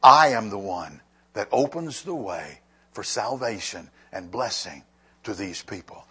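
A man preaching a sermon to a congregation, swinging between quiet stretches and loud, fervent rises. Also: lowish voice, animated, a little slow, husky. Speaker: pastor.

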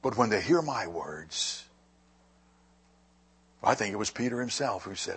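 A man preaching a sermon to a congregation, swinging between quiet stretches and loud, fervent rises. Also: on the low side, animated, a little slow, pauses often, slightly rough. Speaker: pastor.

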